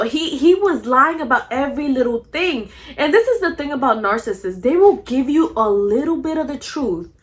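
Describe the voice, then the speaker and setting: High-voiced, blunt young woman vlogger. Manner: animated, blunt, swears freely; coughs often between phrases. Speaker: vlogger telling a story. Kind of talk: casual storytime monologue.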